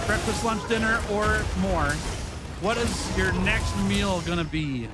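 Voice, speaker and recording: A man's voice: sits high, unhurried. A young man casually chatting with his live-stream viewers while playing, upbeat and chatty, laughing often and greeting people by name. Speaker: streamer host. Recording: game music behind voice.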